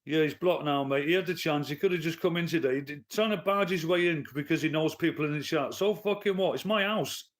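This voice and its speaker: A man's voice: fairly high pitch, brisk, few pauses. A man, ranting bluntly and with swearing to his live-stream chat from his living room. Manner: blunt, profane, heated. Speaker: livestreamer and commentator.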